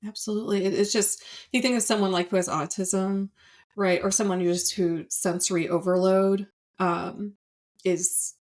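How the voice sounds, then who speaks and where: A woman's voice: mid-range voice, fairly even intonation, moderate pace, a little mellow. A woman therapist, a guest on a podcast, explaining in casual conversation with plenty of fillers. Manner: explaining plainly with many "like" and "um" fillers.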